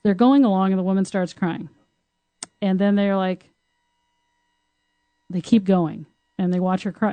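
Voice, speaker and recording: A woman's voice: medium pitch, fairly even intonation, measured pace, long pauses, warm tone, dry recording. A woman co-hosting a podcast who talks frankly and laughs often in casual conversation. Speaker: podcast co-host, tantra teacher.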